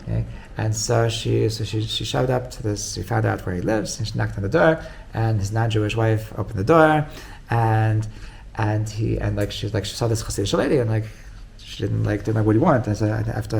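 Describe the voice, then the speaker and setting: A man's voice: on the low side, brisk, creaky, darkish tone, slight background noise. A man, a rabbi, giving an informal Torah class in a conversational way. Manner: conversational, retells stories with quoted dialogue.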